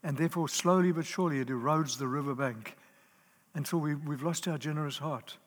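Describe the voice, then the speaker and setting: A man's voice: fairly high pitch, a little fast. A man preaching a sermon in an earnest, emphatic way, stacking up lists and repeating key words. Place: church hall. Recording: live in a large reverberant hall.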